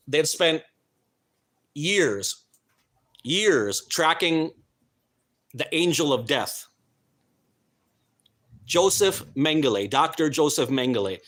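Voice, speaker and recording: A man's voice: fairly high pitch, animated, slow pace, pauses often, fairly bright tone. A man hosting a live stream, talking in an earnest, emphatic way and stumbling now and then over names and words. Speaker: host.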